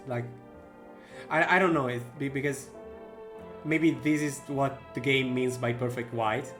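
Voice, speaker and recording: A man's voice: mid-range voice, fairly even intonation, a little slow, long pauses, over music. A man playing a horror game, muttering casual asides and joking at himself. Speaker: gaming streamer. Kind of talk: let's-play commentary.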